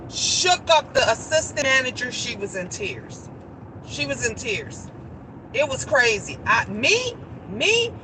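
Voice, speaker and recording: A woman tells a story in a casual phone vlog, animated, repeating her phrases for emphasis. Her voice sits high and rings bright. Faint traffic hums behind her outdoors. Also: low-quality recording. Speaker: vlogger.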